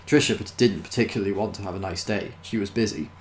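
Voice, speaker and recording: Man, novel read aloud, unhurried, dry, gravelly, faint background hiss. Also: fairly low pitch. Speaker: storyteller.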